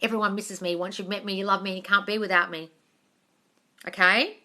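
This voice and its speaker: A woman with a bright, clear voice chats casually through a live question-and-answer stream, reading viewer comments aloud as she goes. She answers affectionately and keeps repeating her points for emphasis. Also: mid-range voice, steady tone, a little fast. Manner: repetitive, affectionate, calls viewers darling.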